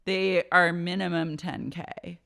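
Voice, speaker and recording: A woman's voice: on the low side, little pitch movement, takes it slowly, gravelly, bright, forceful tone, smooth. A young adult woman co-hosting a casual podcast, playful, slipping into mock voices as she retells scenes. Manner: playful, slips into mock voices of the people discussed. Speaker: podcast co-host. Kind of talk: casual chat.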